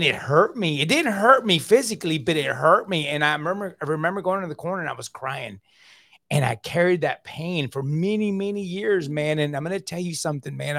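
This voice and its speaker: A man's voice: on the high side, fairly bright tone, no room sound, studio quality. A middle-aged man telling a personal recovery story in a casual, confiding way. He often repeats words and keeps saying "man.". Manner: earnest, confiding.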